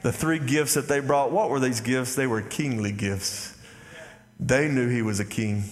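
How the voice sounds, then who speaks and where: A man's voice: mid-range voice, a little slow. A man preaching a sermon as pastor, with a folksy manner, calling out to the congregation. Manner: folksy preaching, calls out "y'all" and "Amen?" to the congregation. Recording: long hall reverb.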